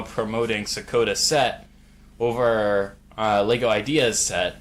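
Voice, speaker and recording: A man hosting a casual live stream, joking around and reading chat messages aloud. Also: medium pitch. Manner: laid-back, jokey, reads chat aloud.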